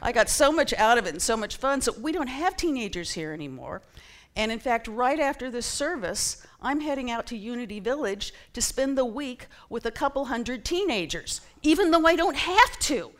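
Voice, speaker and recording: A woman's voice: a little high, expressive, normal speed. A middle-aged woman speaking to a church congregation in a chatty, self-deprecating way, with frequent ums. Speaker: church member giving a talk. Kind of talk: casual sermon talk to a congregation. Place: church sanctuary.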